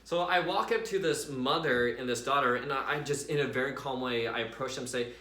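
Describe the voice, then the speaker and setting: Animated man with a bright voice. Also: medium pitch, a little fast, few pauses, reverberant. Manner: animated, chatty, many fillers, addresses viewers as guys. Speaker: vlogger sharing a faith story. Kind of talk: casual storytelling.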